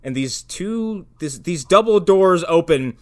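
Man, casual movie roast, bouncy intonation, slightly high voice. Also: animated, a little slow. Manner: blunt, crude jokes. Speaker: podcast co-host. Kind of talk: casual comedic movie riffing.

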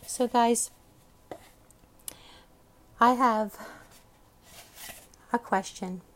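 A woman's voice: on the high side, fairly even intonation, very slow. A middle-aged woman hosting her own show, chatting in a rambling, affectionate way into a phone. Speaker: podcast host. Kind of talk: casual chat.

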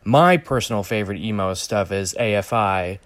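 Rambling, jokey man with a lowish voice. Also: normal speed, no room sound. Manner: rambling, lots of fillers and restarts, jokey. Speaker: vlogger reviewing a movie trailer. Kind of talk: casual solo commentary.

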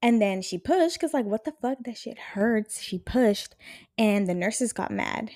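Young female podcast host; chatty, blunt, profane rambling, warm low timbre. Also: unhurried, no room sound, clean studio sound. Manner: rambling, frank and profane, animated. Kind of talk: casual chat.

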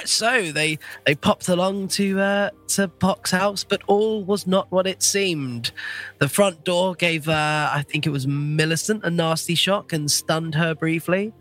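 A man's voice: a little high, a bit bright. A man with a cold, recapping a tabletop game as game master, with playful laughing asides. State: has a cold.

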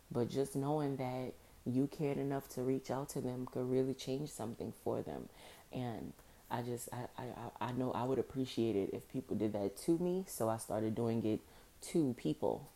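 A woman hosting a podcast alone, talking casually and informally with a rough morning voice, repeating phrases for emphasis. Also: very deep voice, normal speed, warm tone. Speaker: podcast host. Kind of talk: casual solo podcast monologue.

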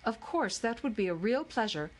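A woman's voice: fairly high pitch, very animated, normal speed, pitched above the performer's own voice. A woman voicing a young boy who speaks in a formal, courteous way.

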